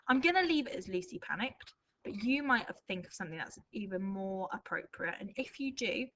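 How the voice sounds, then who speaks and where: Woman, primary teacher, mid pitch, talks through her drafting and reads examples slowly with expression. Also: a bit bright, low-quality recording. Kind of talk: recorded remote writing lesson.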